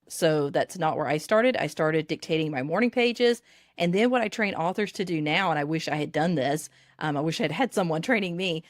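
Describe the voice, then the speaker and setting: Southern-accented woman with a low voice. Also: no room sound, clean studio sound. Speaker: dictation coach for authors. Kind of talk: podcast interview.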